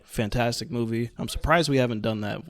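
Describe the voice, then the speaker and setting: Dude cohosting a movie podcast, laughs a lot, swears casually. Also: male voice, medium pitch, a little fast, fairly bright tone. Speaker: podcast co-host. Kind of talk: casual chat.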